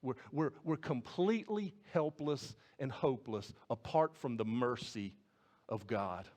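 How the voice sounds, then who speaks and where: A man's voice: medium pitch, expressive, measured pace, a little mellow. A man preaching a sermon as pastor, earnest, often repeating and restarting words and putting questions to the congregation.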